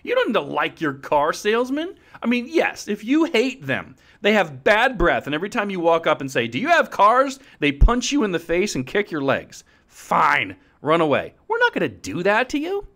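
A man's voice: high-pitched, wildly swooping pitch, moderate pace, few pauses. Hyped-up male podcast host. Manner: hyped, jokey, swings from loud to hushed. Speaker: podcast host, financial advisor. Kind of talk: energetic podcast monologue.

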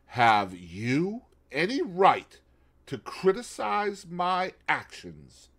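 A man doing a loud, indignant English husband. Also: sits high, big pitch swings, unhurried, voice pushed up, heavily acted. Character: proud angry English husband, middle-aged.

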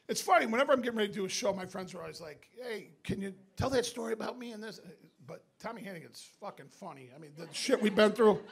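A middle-aged man from upstate New York doing stand-up, telling a story in a profane, animated way and shouting the punchlines. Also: sits high, creaky, slightly rough. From Binghamton, New York. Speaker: stand-up comedian. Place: comedy club stage with live audience. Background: audience laughter.

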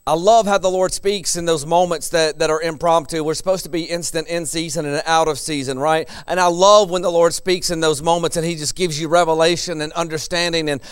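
A man's voice: a little high, steady tone, brisk, hardly any pauses, clear, resonant tone, no room sound, studio quality. A middle-aged man preaching a sermon in a conversational way, chuckling between his points.

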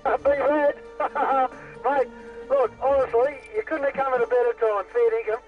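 An Australian man with a very high voice chats over a two-way radio, friendly and matey. The sound is thin and tinny like a radio handset, with faint music behind. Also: fairly even intonation, moderate pace.

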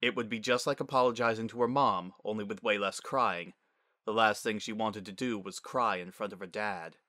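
A man narrating a story as a dramatic reading, measured and expressive. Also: fairly low pitch, dry recording, studio quality.

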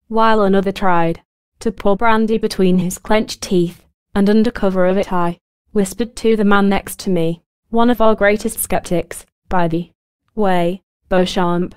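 A woman reads an audiobook in a smooth, resonant voice at a middle pitch. Her delivery is even and formal. The sound is close and dry, with no room echo. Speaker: audiobook narrator. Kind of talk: scripted book narration.

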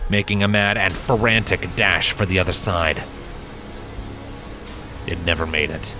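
A man reading a fan fiction story aloud as narrator, steady and dramatic. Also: sits low. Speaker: fanfiction reader. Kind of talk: audiobook narration. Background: background music.

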